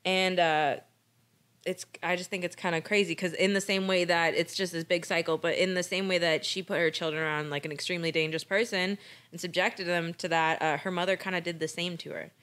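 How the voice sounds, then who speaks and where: A woman's voice: lowish voice, fairly even intonation, fairly quick, fairly bright tone. An American woman co-hosting a casual true-crime podcast, recapping a case with frequent swearing and laughter. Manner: irreverent, swears freely, laughs often. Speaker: podcast co-host.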